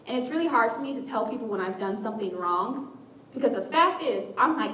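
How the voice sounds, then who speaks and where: Speaking to a church group, a woman shares a candid personal testimony, brisk and animated, with a fairly bright tone; she mocks herself and acts out her inner voices. Her voice is picked up from a distance in an echoey room with a faint rumble.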